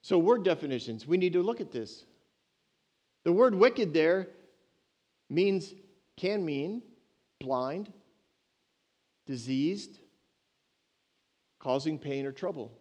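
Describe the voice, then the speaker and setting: A man preaching a sermon in an animated, emphatic way that surges loud with passion. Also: on the high side, takes it slowly, long pauses.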